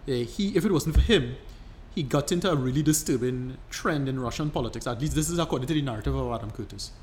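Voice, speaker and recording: A man's voice: mid-range voice, quick pace, a little mellow, a little hiss or hum. A man co-hosting a podcast, explaining at length in casual chat, rambling and restarting his sentences. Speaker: podcast co-host.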